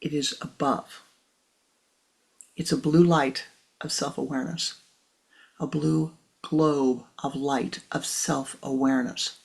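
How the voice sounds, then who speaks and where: A woman spiritual teacher giving a slow guided teaching in a soft, measured voice that often drops to a hushed whisper. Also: low-pitched, fairly even intonation, vocal fry, breathy edge.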